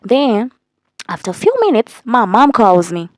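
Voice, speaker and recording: Animated, cussing young woman storyteller. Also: fairly high pitch, slow pace, long pauses, no echo. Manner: animated, profane, repeats for emphasis. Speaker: vlogger. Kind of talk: casual storytime vlog.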